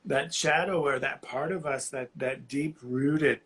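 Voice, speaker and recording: A man calling in to a live reading, sharing something painful in a halting, heartfelt way while close to tears. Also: medium pitch, a bit bright, low-quality recording. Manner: halting, heartfelt, slow, often restarting phrases. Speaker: caller on a live psychic reading. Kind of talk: emotional personal sharing.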